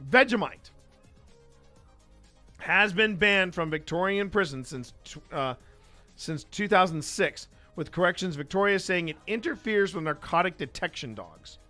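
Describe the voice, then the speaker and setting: A man putting on an Australian accent to read out a news story in a loud, drawn-out, theatrical way. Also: high voice, faint music behind. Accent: put-on Australian. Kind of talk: comic news reading.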